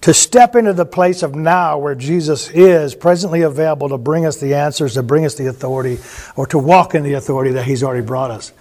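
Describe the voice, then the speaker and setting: A man with a fairly high voice teaches the Bible in a relaxed, chatty way. He tells the stories with animation and chuckles along. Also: fast.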